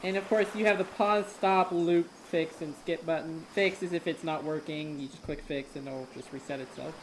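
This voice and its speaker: A relaxed game master in casual chat, explaining things plainly and laughing easily. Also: medium pitch, moderate pace, background noise.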